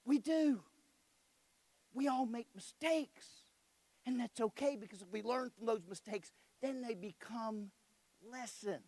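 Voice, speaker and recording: High-voiced animated male speaker. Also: measured pace, no echo. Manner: animated storyteller who acts out dialogue; addresses the audience directly with questions. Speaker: convention speaker. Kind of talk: motivational speech with personal stories.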